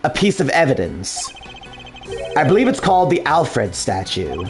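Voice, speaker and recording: A man voicing a composed, formal male prosecutor with a dry, measured delivery, in a fan dub of a video game. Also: medium pitch, huge pitch swings, pitched below the performer's own voice.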